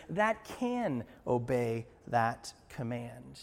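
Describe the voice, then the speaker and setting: A man pastor preaching a sermon in a church, moving between hushed passages and emphatic ones, with playful asides to the congregation. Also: on the high side, normal speed, long reverb tail. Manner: passionate, swings from hushed to emphatic. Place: church sanctuary.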